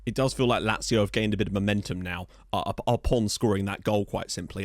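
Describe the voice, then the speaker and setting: A man commentating his football management game, joking and getting excited at key moments. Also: on the low side, fast talker, dry recording, clean studio sound. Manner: excitable, jokey, shouts at goals. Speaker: gaming YouTuber. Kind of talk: let's play commentary.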